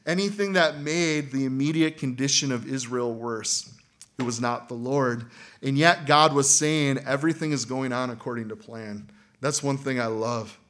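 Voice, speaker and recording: A man preaching to his congregation in a loose, talky way, with his voice sitting at an ordinary middle pitch. He laughs lightly between lines and gets loud and animated whenever he acts out what people say. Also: normal speed. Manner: conversational, laughs often, acts out quoted voices loudly. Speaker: pastor. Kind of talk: sermon.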